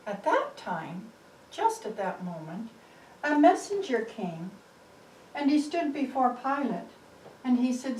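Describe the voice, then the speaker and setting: A woman telling a Bible story slowly and expressively, with dramatic rises and drops. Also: medium pitch, big pitch swings, a little mellow, a little hiss or hum. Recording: roomy, distant mic, faint ambience.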